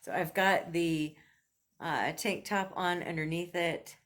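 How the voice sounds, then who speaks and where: A woman's voice: on the low side, slow, a bit bright. A woman vlogger chatting casually and enthusiastically through a thrift haul and try-on, laughing often.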